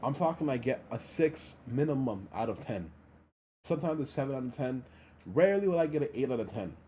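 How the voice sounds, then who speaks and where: A man's voice: medium pitch, very animated, brisk, mellow, husky. A man livestreaming a heated, blunt monologue, swearing often and repeating phrases for emphasis. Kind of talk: casual ranting monologue.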